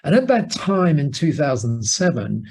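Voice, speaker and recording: Aussie guy on a podcast, telling stories, lively and chuckly. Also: on the high side, normal speed, husky. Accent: Australian. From Australia. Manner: animated storyteller, chuckles often. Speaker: guest. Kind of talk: storytelling in a podcast interview.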